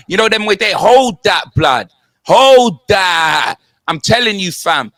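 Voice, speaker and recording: A man's voice: sits high, lively intonation, moderate pace, pushed and bright, no echo, clean studio sound. A young man with a London accent hosting comedic football banter, rattling off slang and sing-song punchlines.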